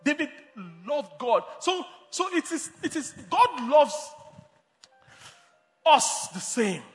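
A man's voice: very high voice, very animated, slow, in a large hall, faint music behind. A man preaching a sermon as pastor, emphatic, repeating and restarting phrases.

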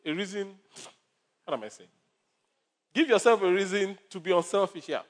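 A man's voice: high voice, normal speed. A male pastor preaching a sermon with numbered points, stories and humor.

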